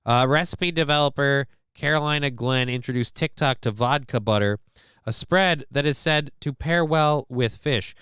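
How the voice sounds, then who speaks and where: A man's voice: mid-range voice, moderate pace, a bit bright, clear, resonant tone, dry recording, studio quality. A man hosting a livestream, reading news stories aloud to his chat and cutting in with sarcastic, profane jokes. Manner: sarcastic, profane, joking asides. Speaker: livestream host.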